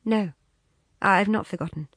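A woman reading the lines of a wistful, restrained young woman in an audiobook story, giving soft, guarded replies. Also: mid-range voice, measured pace, breathy edge, dry recording.

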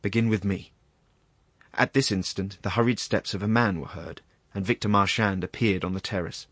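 A male narrator reads a classic tale in a measured, grave manner. His voice sits very low. The recording is dry and close. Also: fairly bright tone, no echo. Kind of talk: scripted narration of a classic story.

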